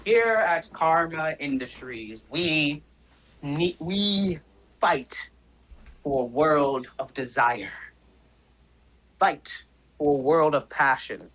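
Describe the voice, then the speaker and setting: A man voicing a cruel corporate villain who mocks a young hero in slow, contemptuous words. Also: fairly high pitch, fairly bright tone, slight background noise, poor audio.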